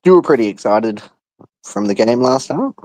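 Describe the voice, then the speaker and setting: A man calling into a football phone-in from abroad, speaking in a measured way with dry humour. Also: mid-range voice, lively intonation, a little mellow, no room sound, low-quality recording. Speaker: caller. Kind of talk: casual phone-in chat.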